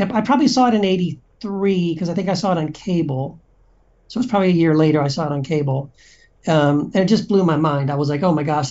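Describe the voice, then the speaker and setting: A man's voice: fairly high pitch, darkish tone, highs cut off. A man from Texas, an author, chatting as a podcast guest in a friendly, rambling way with many fillers. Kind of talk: casual interview chat.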